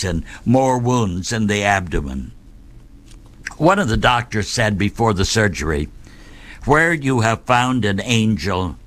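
A man narrating a saint's life story in a measured, deliberate way, with dramatic pauses. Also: fairly low pitch, a bit bright.

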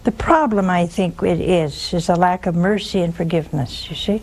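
A woman's voice: on the low side, normal speed, darkish tone. A woman hosting a religious call-in show, preaching emphatically and repeating key words for force. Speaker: religious TV host taking calls.

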